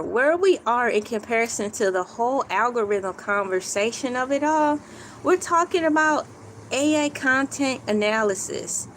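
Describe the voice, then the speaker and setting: A woman's voice: fairly high pitch, moderate pace, a bit bright, slight background noise, low-quality recording. A woman hosting a casual livestream, playfully talking through a list of points. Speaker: YouTube livestream host.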